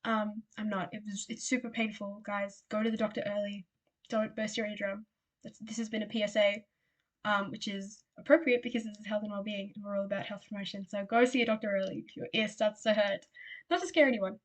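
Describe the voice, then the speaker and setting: A woman's voice: medium pitch, steady tone, fairly quick. Chatty young Australian woman lecturing. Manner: chatty and rambling, many fillers and asides. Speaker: exam revision presenter. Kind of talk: casual revision lecture.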